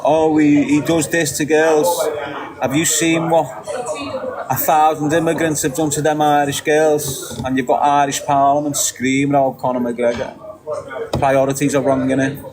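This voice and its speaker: A man from England with a Scouse accent, delivering a heated, sweary, opinionated rant that repeats its points forcefully. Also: fairly high pitch, little pitch movement, moderate pace, low-quality recording. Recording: loud crowd behind the voice.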